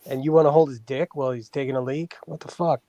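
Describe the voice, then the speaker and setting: A man's voice: medium pitch, steady tone, quick pace, dark tone, no echo. A man ranting bluntly in a casual stream chat, swearing constantly. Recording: dull dry call audio.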